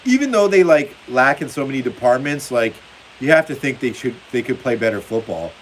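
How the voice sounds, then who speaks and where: Very animated and fairly quick, a medium-pitched male host runs a casual football livestream, reading viewer comments aloud and frequently laughing. Faint hiss sits behind his voice on the low-quality recording.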